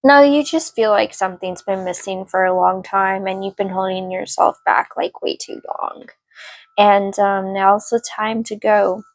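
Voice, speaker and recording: A woman's voice: mid-range voice, creaky, no room sound, low-quality recording. A young woman giving a casual, rambling tarot reading with lots of fillers. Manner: rambling, chatty, many fillers; yells at barking dogs mid-reading. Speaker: tarot card reader.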